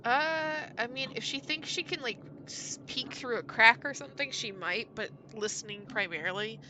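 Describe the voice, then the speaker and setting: A woman's voice: on the high side, normal speed, slight background noise, low-quality recording. A woman playing a tabletop game, chatting casually with lots of laughter and casual swearing. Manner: giggly, animated, swears casually. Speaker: player.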